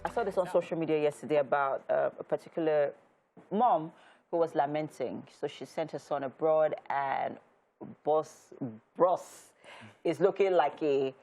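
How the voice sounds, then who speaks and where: A woman's voice: low-pitched, moderate pace, dark tone. A woman with a Nigerian English accent co-hosting a morning show, chatty and hesitant with many ums. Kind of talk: casual studio chat.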